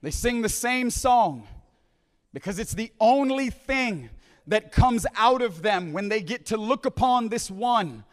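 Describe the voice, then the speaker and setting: Brief: male preacher, high-pitched, "right?" asides, big reverberant hall. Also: expressive, a little slow. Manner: repeats phrases, restarts, "right?" asides, drops to hushed quoting. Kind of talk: conference sermon. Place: large conference hall.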